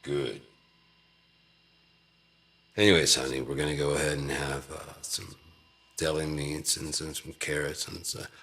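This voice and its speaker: A man putting on the voice of a folksy dad who talks to his kid in a slow, low drawl. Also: fairly even intonation, a bit bright, heavily acted.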